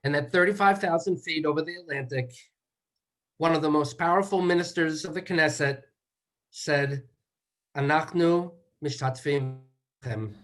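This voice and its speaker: A man giving measured remarks as a son at a memorial, moving through slow, deliberate lists. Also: a little high, fairly bright tone. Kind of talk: eulogy remarks.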